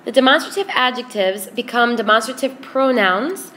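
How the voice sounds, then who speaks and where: A woman teaching a Spanish grammar lesson in English, explaining patiently and repeating word lists slowly. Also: fairly high pitch, animated, fairly bright tone, a little hiss or hum.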